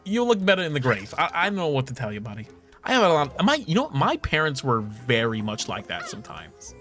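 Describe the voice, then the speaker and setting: A man's voice: huge pitch swings, fairly quick, fairly bright tone. Swearing, laughing young man streamer. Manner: candid, swears often, laughs a lot; jumps into high mocking voices for quoted people. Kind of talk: casual chat while gaming. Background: game music.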